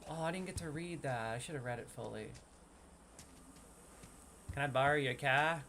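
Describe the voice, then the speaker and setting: Gaming host, male, New York accent: casual, chatty, middle pitch. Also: normal speed, sharp tone, a little hiss or hum. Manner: chatty, reads game lore aloud and muses on it. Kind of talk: casual gameplay commentary.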